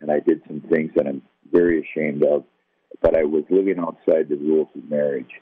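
An older man with a deep, husky voice gives his personal testimony as a guest, recounting his past in a relaxed, conversational, self-deprecating way and acting out the voices of people in his story. He speaks fairly quickly. The recording is tinny, thin, and phone-like, with no room sound and a dry feel.

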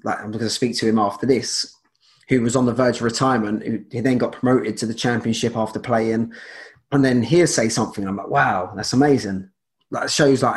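A man speaking as a guest in a casual interview, rambling with many restarts and fillers. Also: mid-range voice.

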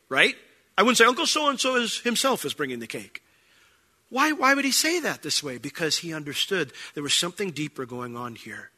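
A man preaching a sermon as pastor, explaining scripture in a conversational, animated way and acting out quick asides. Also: medium pitch, husky.

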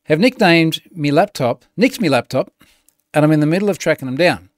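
A man's voice: fairly high pitch, lively intonation, fairly quick, no room sound, studio quality, voice pushed up, close to an everyday voice. A man reading out a chatbot reply as a boisterous outback Australian bloke, in a broad Australian accent full of hammy slang. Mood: jovial.

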